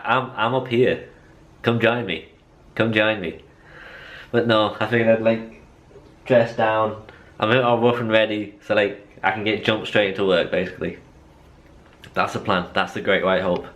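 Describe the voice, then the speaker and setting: A man's voice: fairly low pitch, fairly even intonation, a little slow, pauses often, fairly bright tone. A young man chatting in a rambling, self-mocking way as a vlogger. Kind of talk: casual vlog chat.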